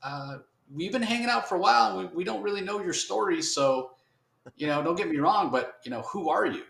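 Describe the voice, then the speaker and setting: A man voicing a flustered homeless man, one of a hero's street buddies, in a high placating tone. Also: animated, a little fast, creaky, a bit bright, full character voice. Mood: nervous, placating. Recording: roomy echo.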